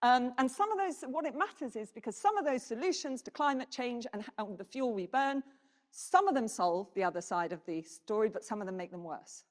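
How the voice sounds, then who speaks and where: A woman delivers a conference keynote with a lively, swooping voice that sits on the higher side. She keeps turning questions out to the audience. The sound carries a long reverb from the hall. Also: brisk. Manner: animated, engages audience with questions. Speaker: keynote speaker. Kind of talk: conference presentation.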